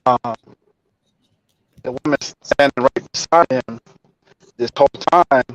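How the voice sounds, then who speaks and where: A man calling in to a live stream, speaking haltingly and reflectively with many fillers. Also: mid-range voice, no room sound. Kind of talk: casual call-in chat. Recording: dull, dry call audio.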